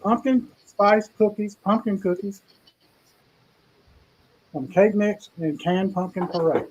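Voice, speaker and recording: Guy hosting a cooking stream, chatty and rambling, voice a bit on the high side. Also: takes it slowly, long pauses, darkish tone, dull audio, a little hiss or hum. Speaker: cooking show host. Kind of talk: casual live cooking chat.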